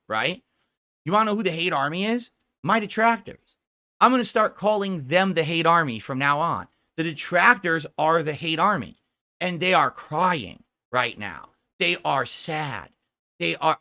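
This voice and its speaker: Bright-voiced man ranting profanely. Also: sits high, expressive, normal speed. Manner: profane, mocking, combative. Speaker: livestreamer. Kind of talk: profane livestream rant.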